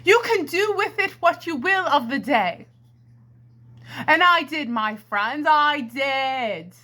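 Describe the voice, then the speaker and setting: A woman talks into a karaoke mic with an echo, in a high, bright voice. She takes her time, drawing out a free-flowing comedy ramble. She plays it theatrical, working the crowd with "ladies and gentlemen.". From Brooklyn, New York. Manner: theatrical, addresses the audience as "my friends" and "ladies and gentlemen". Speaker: comedy vlogger. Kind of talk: rambling stream-of-consciousness comedy monologue. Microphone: handheld karaoke microphone.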